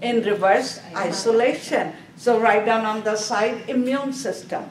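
A woman teaching a nursing exam review class, asking the class questions and repeating key words before answering them herself. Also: a little high. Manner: slow, repetitive, quizzes the class and answers herself. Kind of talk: classroom lecture. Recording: echoey room, mic at a distance, faint background noise.

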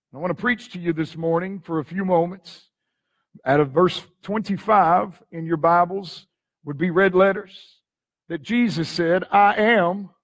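A man with a Texan accent preaching a dramatic sermon as pastor, reading scripture with sudden swings from loud to hushed. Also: high voice. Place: church sanctuary.

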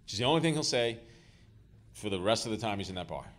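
A man's voice: lowish voice, lively intonation, fast, a bit bright. A man, an author, telling self-deprecating stories to a live audience in a school hall, with frequent fillers and restarts. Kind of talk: live storytelling talk. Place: school auditorium before an audience.

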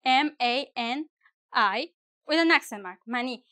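Woman, high voice, teacher, casual video lesson, chatty, careful slow word examples. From Mexico. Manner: animated, slow careful pronunciation of example words; chatty with self-corrections and small laughs. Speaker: Spanish teacher.

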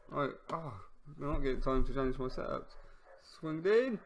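A man giving casual commentary on his own football management game, excitable, shouting at near misses and goals, and wry about the player names he stumbles over. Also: medium pitch, normal speed, highs cut off, slight background noise. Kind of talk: casual let's-play commentary.

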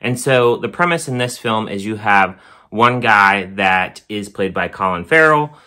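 A man's voice: fairly low pitch, expressive, unhurried, pushed and bright. A man hosting his own channel, giving a casual spoken movie review in a conversational, plain-spoken way, leaning often on words like "really" and "basically".

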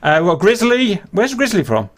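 A man's voice: high-pitched, very animated, moderate pace. A British man hosting a flight-sim multiplayer event, teasing the players and briefing them on the rules in a joking, sarcastic manner. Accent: British English. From Britain. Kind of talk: casual hosting banter and rule briefing.

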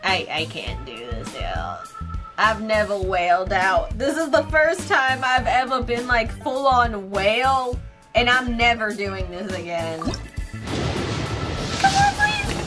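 A woman's voice: medium pitch, lively intonation, measured pace. A woman streaming a game, reacting in a dramatic, pleading way with plenty of swearing. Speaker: gaming streamer. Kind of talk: emotional casual reaction vlog. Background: game music.

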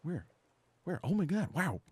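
A man casually bantering while playing a co-op game, joking and laughing often, swinging from mumbles to loud outbursts. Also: fairly high pitch, sing-song, normal speed, slightly rough, dry recording. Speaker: co-op game streamer.

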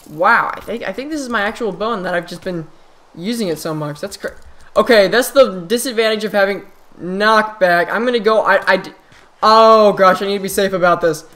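A man hosting his own channel, giving casual gameplay commentary in an excitable way, full of exclamations and quick restarts. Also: high voice. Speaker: gaming channel host.

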